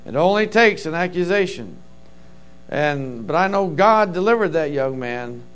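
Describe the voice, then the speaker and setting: A man's voice: a little high, expressive, unhurried, a bit bright, clean tone. A middle-aged man preaching a sermon as a pastor, telling stories with fervent interjections of praise.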